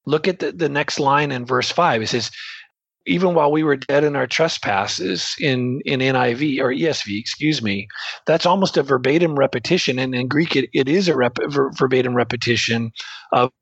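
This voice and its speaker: A man with a slightly husky voice talks through Greek grammar like a relaxed teacher, reaching for everyday comparisons. The recording is dry and a bit muffled, with no room sound. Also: medium pitch, normal speed, no echo. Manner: explains with everyday analogies, loose and chatty. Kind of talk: conversational teaching talk.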